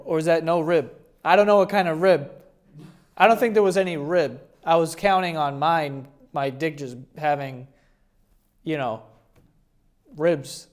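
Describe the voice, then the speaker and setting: High-voiced crude comedy host. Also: male voice. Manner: crude, rambling, bursts into laughs. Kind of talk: comedic commentary on photos.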